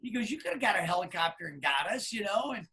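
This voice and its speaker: A middle-aged man telling a long anecdote on a podcast, acting out the people he quotes in loud, animated voices. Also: high voice, fast talker. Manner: animated storyteller, acts out quoted people loudly. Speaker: podcast co-host. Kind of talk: casual storytelling.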